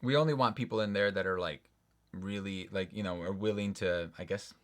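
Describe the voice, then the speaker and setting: A man's voice: low voice, fairly quick, a bit bright. A young man co-hosting a casual livestream, rambling and filling his talk with "like". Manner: rambling, full of "like" fillers. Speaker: livestream co-host.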